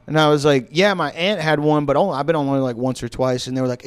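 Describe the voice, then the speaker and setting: Texas guy on a comedy podcast, kinda high voice, rambles thru stories and does little voices. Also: fairly even intonation, quick pace, hardly any pauses, clean tone. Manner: rambling storyteller, puts on voices for quotes. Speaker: podcast host. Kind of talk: casual comedy podcast chat.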